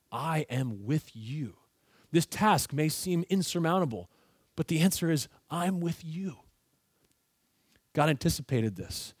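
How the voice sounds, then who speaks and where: A man preaching an earnest sermon, dropping low and soft whenever he quotes God. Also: slightly rough, dry recording. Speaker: pastor.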